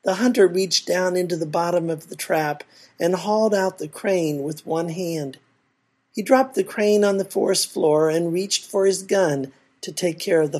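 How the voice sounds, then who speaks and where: Woman telling a folk tale, lowish husky voice, measured and expressive. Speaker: storyteller. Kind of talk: reading a folk tale aloud.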